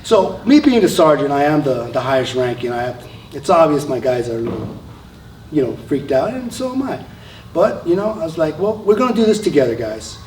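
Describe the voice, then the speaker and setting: On stage, an Army veteran recounts a story conversationally, stumbling through frequent fillers and restarts. He sounds very animated, his voice on the high side with a darkish tone at a normal speed. There's slight background noise, and the distant mic makes it sound roomy.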